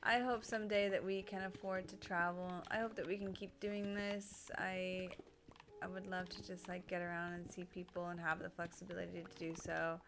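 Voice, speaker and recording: A woman's voice: on the low side, little pitch movement, moderate pace. A young woman co-hosting a livestream, chatting in a bubbly, rambling way. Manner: bubbly and chatty, with frequent restarts. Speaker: streamer, co-host. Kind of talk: casual livestream chat.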